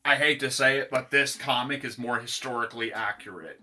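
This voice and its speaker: A man casually reading his own dark comic aloud, irreverent and swearing, chuckling between lines. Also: mid-range voice, fairly quick.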